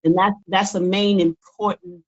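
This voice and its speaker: A woman's voice: mid-range voice, little pitch movement, normal speed, highs cut off. An older woman, a guest in a casual interview, talking earnestly and often repeating words as she builds her point. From United States. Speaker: guest author.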